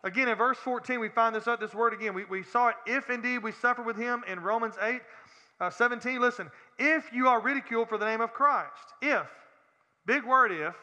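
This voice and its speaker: A man's voice: very high-pitched, a little fast, pushed and bright, in a large hall. A man preaching a sermon as pastor, earnest and plain-spoken, asking the congregation direct questions.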